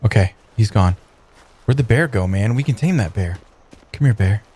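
Excitable man with a lively voice. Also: on the low side, moderate pace, slight background noise. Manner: excitable, exclaiming and joking at the game. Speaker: let's play host. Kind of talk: gameplay commentary.

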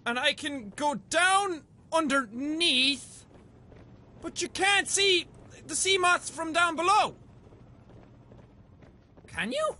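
A very high-voiced man chatting through a game session, his pitch leaping all over the place. His tone is bright and sharp, and he swears and yelps at every scare. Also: slow pace, long pauses. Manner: excitable, swears freely, yelps when startled. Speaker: let's play gamer. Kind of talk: casual gameplay commentary.

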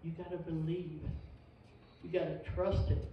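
A woman's voice: low-pitched, flat delivery, moderate pace, a little hiss or hum. Lady teaching sunday school, folksy, says amen a lot, far off in a big echoey church, kinda muffled. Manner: folksy, emphatic, repeats amen. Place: church sanctuary. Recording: distant echoey church recording, dull.

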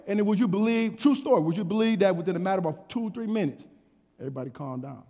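A man preaching a sermon, telling a story with call and response, repeating his words and building to shouts. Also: high voice, expressive, quick pace, in a large hall. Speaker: pastor.

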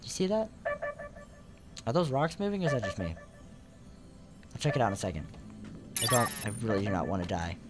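A man's voice: fairly low pitch, animated, fairly quick, pauses often, music in the background. Goofy, crude young man gaming. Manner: goofy, crude, rambling, swinging from mutters to squeals. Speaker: gaming channel host. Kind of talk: casual let's play commentary.

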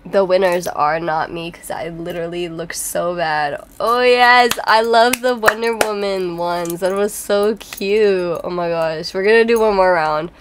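A woman's voice: lowish voice, a little slow, hardly any pauses, a little hiss or hum. A young woman doing casual, giggly commentary while playing a game, with dramatic squeals. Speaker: gaming YouTuber.

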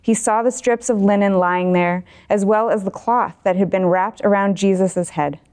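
A woman reading a gospel passage aloud in a measured, steady manner. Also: medium pitch, smooth. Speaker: scripture reader.

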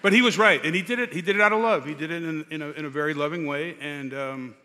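An older man as guest speaker, telling his personal story with many pauses and fillers on a church stage. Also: a little high, noisy background. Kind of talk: personal testimony in an interview. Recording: church hall reverb.

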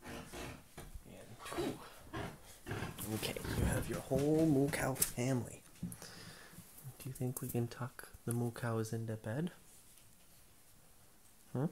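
Soft-spoken father coaxing at bedtime. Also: medium pitch, steady tone, slow pace, pauses often, noisy background. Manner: gentle, patient, softly coaxing. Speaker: father putting child to bed. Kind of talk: casual bedtime chat.

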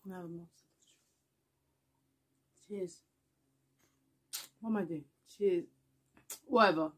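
A young woman, chatting casually to camera as a vlogger, laughing often and trailing off into soft mumbles. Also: on the low side, slow pace, slightly rough.

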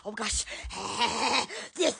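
Hyper woman live-streamer, bright voice, shouting and slow drawn-out delivery, giggly. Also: fairly high pitch, creaky. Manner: giddy, squealing, constant laughing exclamations. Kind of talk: excited live-stream chat.

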